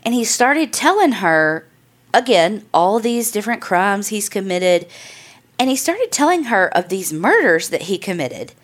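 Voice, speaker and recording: A woman's voice: medium pitch, big pitch swings, unhurried. A woman hosting a podcast, telling a true crime story in a casual, chatty way, loose and profane with lots of "like" and "I mean". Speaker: podcast host.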